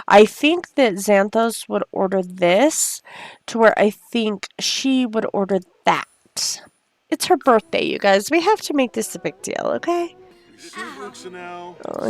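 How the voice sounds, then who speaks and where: A woman narrates her gameplay in a chatty, unhurried way and talks straight to her characters and to the people watching. Her voice sits a bit high and swings widely in pitch. Soft music plays quietly behind her. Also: gravelly. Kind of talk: casual gameplay commentary. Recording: faint background music.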